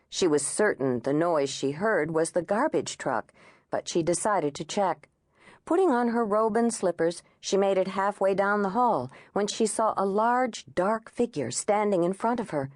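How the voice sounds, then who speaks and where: A woman narrating an audiobook in a measured, expressive storytelling manner on a close studio mic. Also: on the low side, dry recording.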